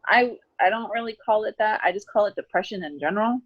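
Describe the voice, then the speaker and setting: A woman's voice: mid-range voice, fast talker, lo-fi sound. A woman in her twenties, talking casually as an interview guest and saying "like" often. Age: 20s. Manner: chatty, heavy use of "like".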